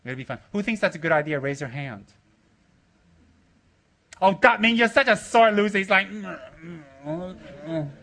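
A man's voice: sits high, normal speed, pauses often. A man teaching a group of students, joking and rudely teasing them, coaxing them with questions and laughing often. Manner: joking and playfully rude, laughing often, bursts of loud excitement; coaxing, asks the room questions. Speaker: spiritual teacher addressing his students. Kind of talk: teasing, rambling talk to a group.

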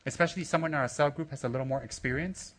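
A man with a fairly high voice leads a loose, teasing talk to his students. His tone is bright and forceful, and he keeps joking, laughing and coaxing the room with questions. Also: rapid-fire. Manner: joking and playfully rude, laughing often, bursts of loud excitement. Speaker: spiritual teacher addressing his students. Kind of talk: teasing, rambling talk to a group.

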